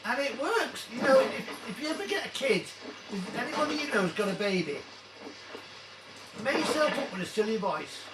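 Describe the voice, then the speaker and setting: A man's voice: very high-pitched, big pitch swings, normal speed, loud music behind the voice. An older man chatting in a rambling, jokey way while he plays a game. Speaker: gaming video host. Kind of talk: casual chat while playing. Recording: roomy, distant mic, noisy background.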